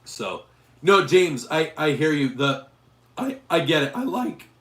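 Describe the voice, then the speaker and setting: A hoarse man hosting a casual livestream about guns, rambling with restarts as he answers viewers' chat. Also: a little high, big pitch swings, unhurried, a bit bright, roomy sound. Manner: rambling, with frequent restarts and fillers. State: hoarse, losing his voice. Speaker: gun channel host reading live chat.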